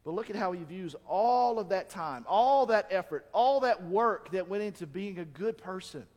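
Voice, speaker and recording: A man delivers a sermon from a church sanctuary, animated and now and then slipping into quoted voices. His voice sits a little high, and a long reverb trails every phrase around the hall. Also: normal speed. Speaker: pastor.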